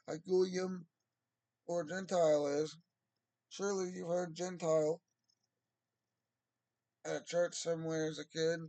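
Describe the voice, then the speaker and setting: A man's voice: on the high side, a little mellow, no echo. A man talking in a casual, rambling monologue, drawling and swearing freely. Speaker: vlogger.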